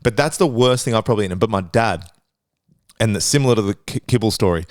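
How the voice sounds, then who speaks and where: A man co-hosting a podcast, casually telling a story with swearing and getting excited as it builds. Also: fast, dry recording, studio quality. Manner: animated storyteller, swearing, rising pitch when excited. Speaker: podcast co-host. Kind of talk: casual chat.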